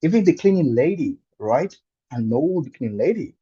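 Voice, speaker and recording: A man in his thirties from Angola, giving a prepared humorous speech as an animated storyteller with dramatic pauses. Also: a little high, slightly rough, muffled recording. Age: 30s. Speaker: club speaker.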